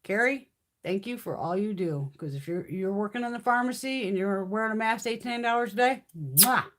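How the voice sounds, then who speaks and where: A woman's voice: medium pitch, brisk. A woman in her fifties hosting a casual beauty livestream, talking bluntly and swearing constantly as she rants. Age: 50s. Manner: profane, blunt ranting. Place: home, mountain area.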